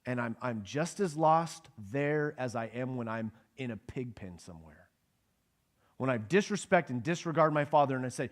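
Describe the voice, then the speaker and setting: Speaking at a moderate pace in an animated, medium-pitched voice, a pastor walks his congregation through a Bible passage. His sermon is conversational; he asks them questions and voices the quoted lines of the people in the story.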